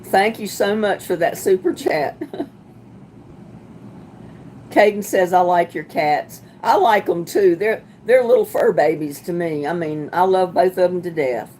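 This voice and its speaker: A woman hosting a casual livestream, chatting with viewers as she reads their comments, sympathetic and quick to laugh. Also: lowish voice, animated, a little mellow, slight background noise. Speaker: livestream host.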